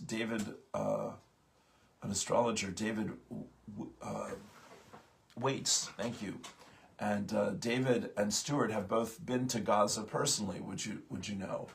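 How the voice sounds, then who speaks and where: A man hosting a morning spiritual talk, speaking haltingly with many pauses and fillers, just out of bed. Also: lowish voice, creaky, fairly bright tone. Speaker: host of a morning spiritual program.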